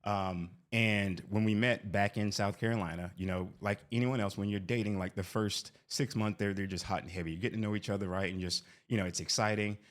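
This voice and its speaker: A man in his forties telling a rambling personal story, often tagging lines with "right?". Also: lowish voice. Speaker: vlogger. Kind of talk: casual storytelling.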